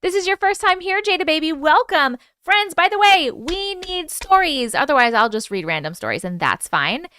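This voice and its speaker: A woman's voice: high-pitched, very animated, normal speed, few pauses, bright, forceful tone, slight background noise. A woman hosting a casual livestream, chatting loosely, swearing freely and greeting and thanking viewers by name. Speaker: livestream host.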